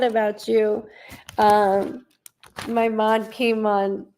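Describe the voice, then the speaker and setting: A woman's voice: medium pitch, measured pace, gravelly, a little mellow, slight background noise. A woman psychic medium in casual livestream chat, rambling, greeting viewers by name and swearing now and then, recorded at home on her laptop mic.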